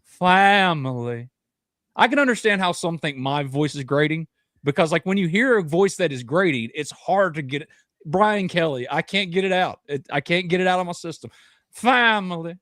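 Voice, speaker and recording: A man hosting a sports podcast, chatting in an animated, joking way. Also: fairly high pitch, a little fast, no room sound, studio quality. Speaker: podcast host. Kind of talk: casual podcast chat.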